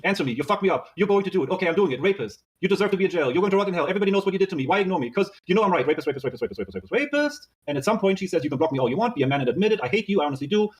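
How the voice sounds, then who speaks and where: A man rapidly reading out a string of text messages and recounting an argument, swearing as he goes. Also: sits high, lively intonation. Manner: rapid reading aloud, swearing, narrating "she says, I said". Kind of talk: fast recounting of a dispute.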